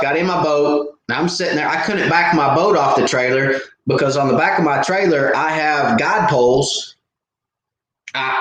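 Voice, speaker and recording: A fishing channel host with a fairly high, bright voice runs a live Q&A stream in a very echoey room. He rambles through stories casually, full of fillers and restarts.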